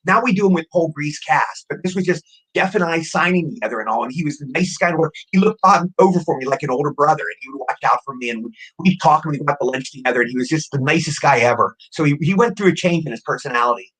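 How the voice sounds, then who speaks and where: A man in his sixties, an actor guest telling rapid, excitable anecdotes in a casual interview, often repeating words as he goes. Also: on the high side, husky, low-quality recording. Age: 60s.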